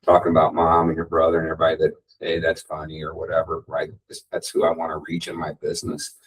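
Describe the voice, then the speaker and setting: Husky low-voiced man on a panel. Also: fast, recorded from a distance, low-quality recording. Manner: conversational, animated when quoting. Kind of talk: casual panel discussion.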